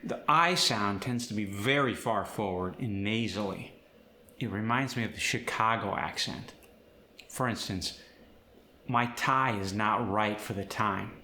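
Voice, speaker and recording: Guy teaching an accent, brisk bright voice, roomy echo. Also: fairly low pitch. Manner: demonstrates example phrases in a put-on accent. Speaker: accent coach. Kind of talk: scripted accent lesson.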